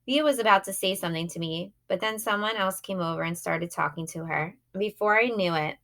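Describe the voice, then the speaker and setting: A woman's voice: medium pitch, fairly quick, creaky, a bit bright. A woman reading a first-person children's novel aloud in a plain, youthful narrating tone. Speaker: audiobook reader.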